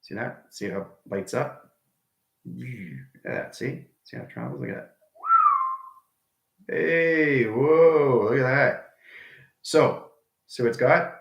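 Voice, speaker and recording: An online spiritual teacher with a mid-range, gravelly voice rambles enthusiastically to his livestream viewers, his pitch swooping wildly at a moderate pace. He repeats himself and now and then drifts into whispers, and the audio sounds dull and roomy.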